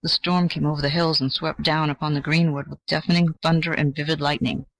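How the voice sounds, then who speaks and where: Gentle storybook narrator, dry close sound. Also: medium pitch, little pitch movement, brisk, creaky, no room sound, rough recording. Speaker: audiobook narrator.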